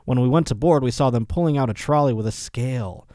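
A man with a mid-range voice runs a comedy news podcast, reading strange stories and breaking off for crude, mocking jokes. He laughs often and slips into quick put-on voices. The recording is dry and close, with no room echo. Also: medium pitch, dark tone. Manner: puts on voices for quoted people. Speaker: podcast host. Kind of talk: casual comedic news commentary.

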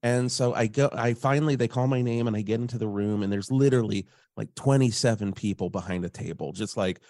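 A man's voice: fairly low pitch, fairly quick, dark tone, dry recording, clean studio sound. A man calling in to a comedy show, sheepishly telling an audition story. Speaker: caller. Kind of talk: comedic anecdote.

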